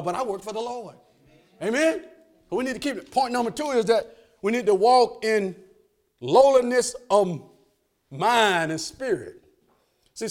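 A preacher man with a high, lively voice that leaps up and down. He drops to near-whispers, then bursts into shouts, with a folksy, teasing way of talking that calls for amens. The sermon rolls in call-and-response waves. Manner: folksy, laughing asides, asks for amens. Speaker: pastor.

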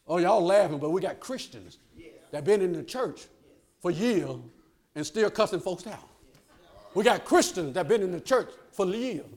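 A male pastor preaching a folksy sermon. He swings from hushed asides to shouted lines, asks for amens and laughs along with the congregation. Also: sits high, expressive, moderate pace.

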